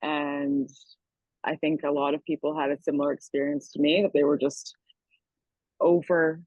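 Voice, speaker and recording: A woman's voice: sits low, level tone, moderate pace, a little mellow, dry recording. Young woman chef, slightly muffled. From Niagara region, Canada. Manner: chatty, many likes and ums. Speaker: chef guest. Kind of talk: casual interview.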